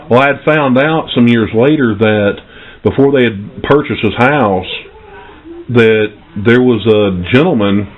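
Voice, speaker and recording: A middle-aged man slowly recounting a childhood ghost encounter in a reflective, pausing way. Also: on the low side. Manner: slow, reflective storytelling with pauses. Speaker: paranormal investigator. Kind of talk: recounting a personal ghost story. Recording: tinny phone-like audio.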